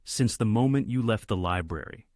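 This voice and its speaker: A man voicing a gruff, cold but protective male bodyguard. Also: on the low side, lively intonation, moderate pace, darkish tone, dry recording, studio quality, close to an everyday voice. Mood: stern.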